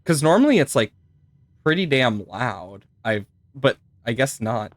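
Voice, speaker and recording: Male streamer, casual and animated, quick laughs and mild swearing, dry mic. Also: medium pitch, no room sound. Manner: chatty, laughs often, swears, talks to chat. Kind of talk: live gameplay commentary.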